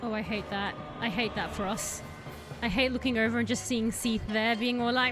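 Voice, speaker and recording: A woman casually commenting while she live-streams a video game, chatting to the boss she fights and bursting into excited yells. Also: on the high side, normal speed. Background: game music.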